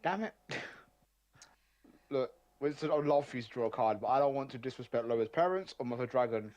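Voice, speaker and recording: Brief: male player, mid-pitch voice, casual joking table talk. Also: animated, fast, a little mellow, lo-fi sound.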